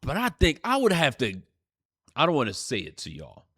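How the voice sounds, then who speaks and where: A man's voice: mid-range voice, huge pitch swings, normal speed, a bit bright, husky. A man teaching a church class, telling a story with fiery, profane outbursts. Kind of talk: preaching class lesson.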